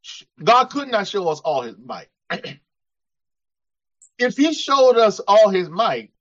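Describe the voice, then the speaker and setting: A man's voice: sits high, very animated, slow pace, a bit bright. A man preaching a sermon, acting out quoted voices and chuckling as he talks. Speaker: pastor. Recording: dull lo-fi church recording.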